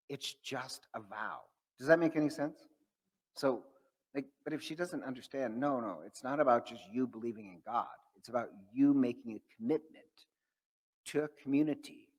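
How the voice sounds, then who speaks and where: A priest gives an informal faith-formation talk to adults, speaking at medium pitch and normal speed in a conversational, storytelling way, with anecdotes and frequent um fillers and restarts. The audio is poor, with a long reverb tail.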